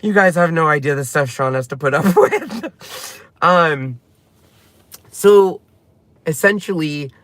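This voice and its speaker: A man's voice: on the high side, animated, takes it slowly, long pauses, fairly bright tone, no echo. A man hosting his own channel, talking in an emotional, rambling way and close to tears as he retells conversations. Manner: tearful, heartfelt, rambling retelling. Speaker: channel host. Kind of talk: emotional personal vlog talk.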